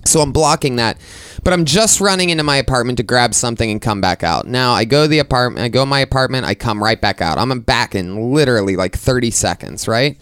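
A man's voice: medium pitch, expressive, fast talker, few pauses, a bit bright, clear, resonant tone, dry recording, clean studio sound. A man hosting a comedy podcast, telling a long, rambling story in casual talk and swearing freely.

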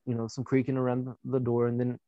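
A young man tells a personal story in a loose, conversational way, full of fillers and blunt swearing. His voice sits in a middle pitch and sounds dry and close, with no room around it. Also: monotone, quick pace, no room sound, phone-quality sound. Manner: candid and profane, with frequent fillers. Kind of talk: casual personal anecdote.

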